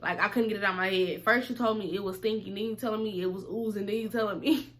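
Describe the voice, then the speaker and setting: A young woman telling a casual storytime, animated and slangy, acting out both sides of the conversation. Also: mid-range voice, fast talker.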